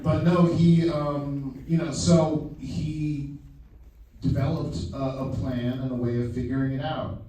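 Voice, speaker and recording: A man's voice: a little high, flat delivery, slow, warm tone. A man directing a film, talking loosely at a live Q&A with many fillers and restarts, laughing easily. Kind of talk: casual live Q&A talk. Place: large theater stage. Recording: far-off mic in an echoey theater with faint noise.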